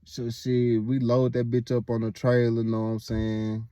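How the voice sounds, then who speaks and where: A man's voice: medium pitch, measured pace, few pauses, dark tone, dry recording, clean studio sound. A young man casually telling a story, rambling and full of filler words and swearing.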